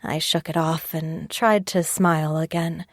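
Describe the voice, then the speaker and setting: A woman reading a first-person audiobook in a calm, measured way on a close mic. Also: sits low, dry recording. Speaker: audiobook narrator. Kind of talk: scripted first-person narration.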